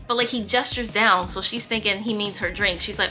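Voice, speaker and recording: Bright chatty woman telling a story. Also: medium pitch, steady tone, fairly quick, soft background music. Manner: chatty, emphatic, sassy asides. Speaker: YouTuber telling a dating story. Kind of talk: casual storytime narration.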